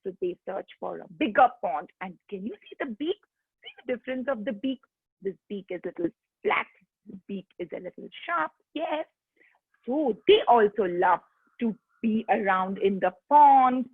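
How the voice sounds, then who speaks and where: A woman's voice: medium pitch, animated, normal speed, slightly rough, no room sound. A woman teaching young children, coaxing them in a sing-song voice to join in. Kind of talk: online kids' lesson. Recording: tinny phone-like line.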